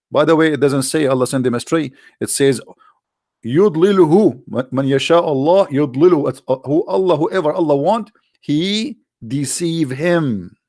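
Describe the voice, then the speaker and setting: A man hosting sarcastic religious commentary, mocking and repetitive, in halting non-native English. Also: a little high, no echo, clean studio sound. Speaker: religious debate host.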